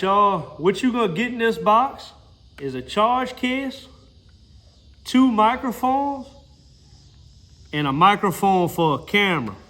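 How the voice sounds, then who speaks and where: A man with a Mississippi accent and a fairly high voice, chatting folksy and direct to viewers as he reviews a product. He talks from a hot mechanic shop. His voice is caught on a phone's built-in microphone. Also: fairly bright tone. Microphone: phone's built-in mic.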